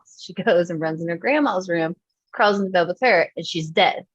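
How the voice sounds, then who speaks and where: Female co-host, casual and chatty, low-ish voice, laughs a lot, dry and muffled mic. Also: moderate pace, no room sound. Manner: chatty, laughs often, acts out quotes. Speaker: podcast co-host. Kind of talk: casual chat, storytelling.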